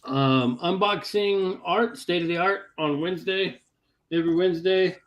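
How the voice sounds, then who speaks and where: A man's voice: high voice, moderate pace, highs cut off. A man on a casual podcast livestream, teasing the others and answering tersely.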